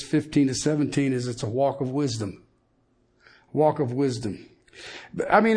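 A middle-aged man preaching a sermon in a folksy, emphatic way, swinging from loud points to hushed lines. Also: high-pitched. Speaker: pastor.

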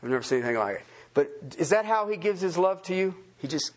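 High, lively male preacher. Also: fast talker. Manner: animated, asks the congregation many questions. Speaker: pastor. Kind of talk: sermon.

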